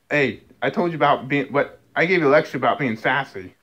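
A man's voice: medium pitch, a little fast, fairly bright tone, highs cut off. A man, talking to his cats and scolding them, stammering and restarting as he goes. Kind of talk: casual talk to pets.

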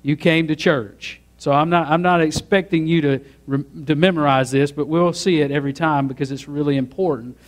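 Male pastor, fairly high voice, preaching a sermon with emphatic build-ups. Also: fairly even intonation, normal speed, few pauses.

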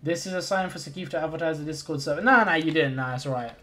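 A man's voice: on the high side, quick pace, fairly bright tone. Chatty male streamer thinking aloud. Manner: chatty, thinks aloud, greets and thanks chat viewers. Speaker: live streamer playing a building game. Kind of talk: casual live-stream chat.

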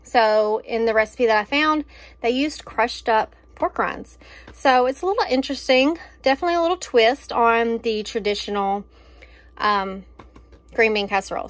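A vlogger shows off her grocery haul, chatting casually and enthusiastically with plenty of fillers. Her voice is a little high and moves at normal speed, in a dry recording.

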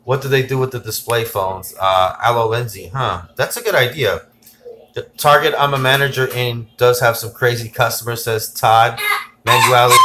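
A man hosting a casual tech livestream. He rambles excitedly, reads viewer comments aloud and gives shout-outs. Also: mid-range voice, normal speed, a little hiss or hum.

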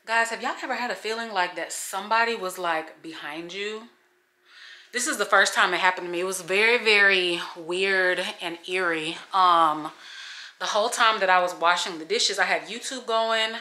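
A young woman vlogger ranting casually to her viewers at home, slangy and animated as she talks straight to camera. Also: fairly low pitch, moderate pace. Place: home kitchen. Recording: echoey room.

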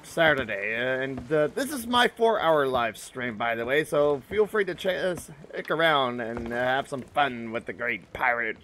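A man's voice: mid-range voice, lively intonation, normal speed, few pauses, a bit bright, a little hiss or hum. A man casually commenting on his own gameplay while streaming, thinking aloud and poking fun at himself. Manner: chatty, thinks aloud, self-mocking. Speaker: game streamer.

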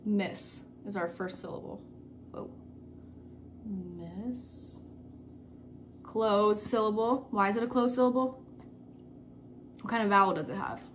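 A woman teacher leads a recorded phonics lesson for children at an ordinary middle pitch. She explains step by step, patiently repeating the key words. A faint hum of noise sits under her voice, picked up by a camera mic. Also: moderate pace.

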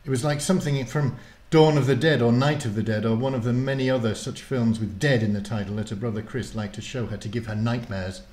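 A man, the author, introducing and reading his children's book aloud in a lively, casual way. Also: medium pitch, a little fast, echoey room. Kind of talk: storybook reading.

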